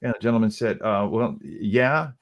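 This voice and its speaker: Man, middle-aged, low voice, radio host, casual storytelling, lots of "he goes". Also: normal speed, lo-fi sound. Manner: retells quotes with many "he goes", restarts.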